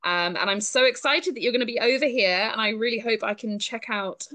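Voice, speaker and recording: Bright, chatty British woman host. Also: a little high, brisk. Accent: British English. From Britain. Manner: chatty, laughs often. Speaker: podcast host. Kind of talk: casual interview chat.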